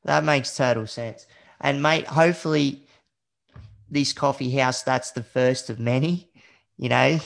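Gravelly Australian man hosting a podcast. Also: mid-range voice, unhurried, a bit bright. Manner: friendly, says "mate", hesitant. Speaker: podcast host. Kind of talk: casual interview chat.

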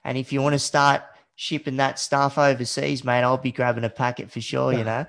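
A man's voice: mid-range voice, level tone, normal speed, vocal fry, fairly bright tone. An Australian man hosting a podcast interview, chatting casually and hesitantly, calling his guest "mate". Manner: friendly, says "mate", hesitant. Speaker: podcast host.

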